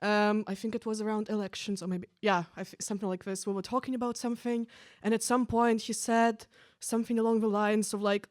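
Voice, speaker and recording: Young woman, stand-up comedian, casual chatty delivery, mid pitch, dry close sound. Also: level tone, a little fast, no room sound. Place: stage at a live event.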